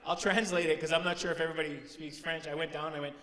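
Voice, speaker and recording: A middle-aged Canadian man telling stand-up stories with lots of energy, his voice bright and on the higher side for a man. He jumps into sudden high, shouted bits. He is miked on a stage in a big hall, so the sound is roomy with a long reverb and a faint hum of ambience. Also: racing. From Timmins, Ontario, Canada. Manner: animated, swings into high shouted character bits. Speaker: stand-up comedian. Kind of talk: stand-up storytelling.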